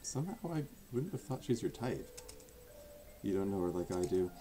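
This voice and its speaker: A man voicing a proud, sharp-tongued teen girl from a visual novel, earnest and sarcastic by turns, often dropping to a whisper. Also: low voice, expressive, moderate pace, faint music behind. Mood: teasing. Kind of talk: fan voice acting of a visual novel.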